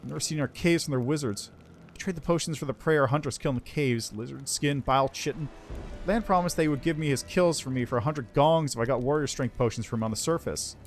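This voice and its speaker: A man's voice: medium pitch, quick pace, lightly acted. A man voicing a frightened woman trader who talks nervously and defensively. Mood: scared.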